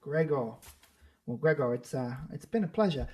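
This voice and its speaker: A woman voicing a polite, gentle old male dwarf cleric who speaks softly. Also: low voice, animated, moderate pace. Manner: soft-spoken, courteous.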